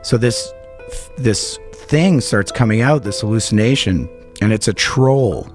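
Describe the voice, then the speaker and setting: A man co-hosting a comedy podcast, telling a story in a rambling, animated way and swearing a lot. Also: lowish voice, a little slow, soft background music. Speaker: podcast co-host.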